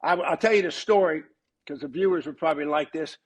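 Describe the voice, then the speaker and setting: Speaking briskly, an older man with a husky, faintly hoarse voice a bit above usual male pitch shares casual anecdotes. He's a retired football coach guesting on a podcast and livens his stories by acting out quoted dialogue.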